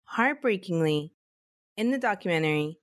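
A woman's voice: on the low side, expressive, moderate pace, dry recording, studio quality. A woman co-hosting a podcast, chatting casually, laughing often, and recapping a court case. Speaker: podcast co-host.

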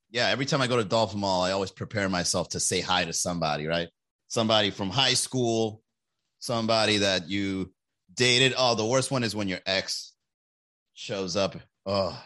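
A man's voice: medium pitch, pushed and bright. Joking rambling young man podcasting. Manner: joking, rambling, acts out others in quick put-on voices. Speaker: podcast host. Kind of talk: casual livestream podcast chat.

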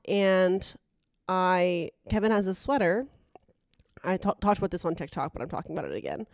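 A young woman co-hosting a podcast, telling funny stories in quick casual chat, swearing now and then. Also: on the low side, no echo, studio quality. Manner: chatty, quick storytelling, swears. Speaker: podcast co-host.

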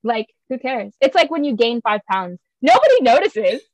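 A woman's voice: on the high side, big pitch swings, normal speed, a little mellow, dry recording, low-quality recording. A young woman talking casually on a podcast, chatty and laughing often, acting out her own voice when quoting herself. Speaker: podcast guest.

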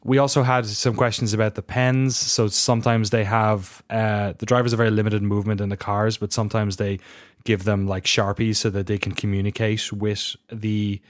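An Irish man with a low voice hosts a casual podcast. He rambles a little and restarts his sentences. The recording is dry and close, with no room sound. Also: little pitch movement, moderate pace, no room sound. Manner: rambling, self-correcting. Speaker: podcast host.

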